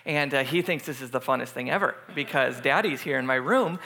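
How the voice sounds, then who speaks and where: A man in his thirties, a youth pastor telling a lively personal story in a sermon, acting out the screams as he goes. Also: fairly high pitch, a little fast, few pauses. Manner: animated storyteller, acts out screams.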